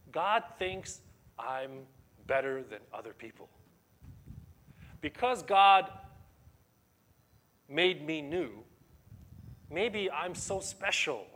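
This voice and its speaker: A man's voice: a little high, bright, forceful tone. A middle-aged man preaching a sermon as pastor, emphatic and conversational, explaining scripture to his congregation.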